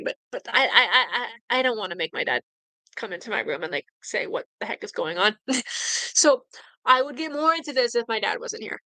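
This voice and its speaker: A woman's voice: on the high side, bright, forceful tone, dry recording, poor audio. Woman reading fan fiction aloud. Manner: earnest, with stumbles and repeated words. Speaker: story reader. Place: bedroom at home.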